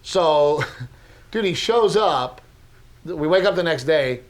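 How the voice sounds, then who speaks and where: A man hosting a podcast, telling stories in an animated, casual way and saying "dude" a lot. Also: a little high, slow. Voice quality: animated storyteller, says "dude" often. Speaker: podcast host. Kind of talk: casual chat.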